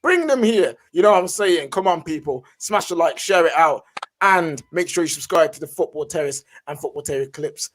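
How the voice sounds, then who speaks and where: A man's voice: on the high side, animated, normal speed, a little hiss or hum. A man hosting a casual football chat show, hyped and slangy. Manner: hyped, slangy, shout-outs. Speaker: host.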